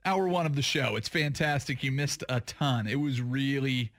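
A man's voice: medium pitch, normal speed, no room sound, studio quality. A man co-hosting a sports radio show in casual, joking banter, sometimes mocking politicians in put-on voices. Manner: jokey, animated, mocks politicians in put-on voices. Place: radio studio. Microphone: studio microphone.

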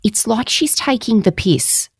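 A woman co-hosting a podcast in casual chat, blunt and quick with frank asides. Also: fairly high pitch, animated, slightly rough, no echo. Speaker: podcast co-host.

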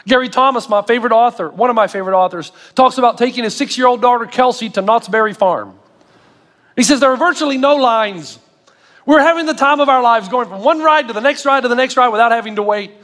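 A middle-aged male pastor delivering a sermon with animated storytelling and self-mocking humor. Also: extremely high pitch, long reverb tail.

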